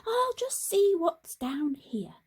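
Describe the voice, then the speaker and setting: A woman voicing a small, excitable young male frog who gets tearful and wails when he is scared. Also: very high-pitched, takes it slowly, pitched above the performer's own voice, exaggerated voice. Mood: curious.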